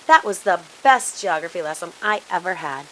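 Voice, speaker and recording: A woman reading aloud and voicing Charlie, a curious, excitable young boy, in a storybook, pitching her voice higher. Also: moderate pace, a little hiss or hum, rough recording.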